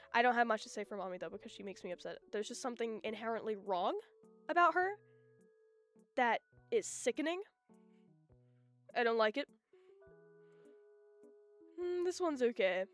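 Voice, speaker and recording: A high-pitched woman streams live and rants about her opinions, animated and quick to cut herself off. Faint music plays softly behind her. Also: smooth, no room sound. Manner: animated, ranting, self-interrupting. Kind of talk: casual live-stream chat.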